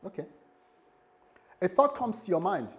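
Animated male preacher, lively voice. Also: sits high, unhurried. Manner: animated storytelling with asides and jokes to the congregation. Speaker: pastor. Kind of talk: sermon.

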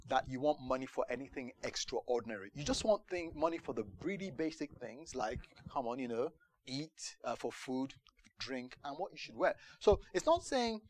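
A man preaching a sermon, telling a personal story in an animated way, laughing at times and acting out the quotes. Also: fairly high pitch.

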